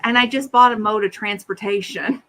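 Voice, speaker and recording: A woman's voice: medium pitch, normal speed. A middle-aged woman co-hosting a casual chat, telling funny stories and acting out the people in them. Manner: animated, acts out quoted voices. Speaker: podcast co-host.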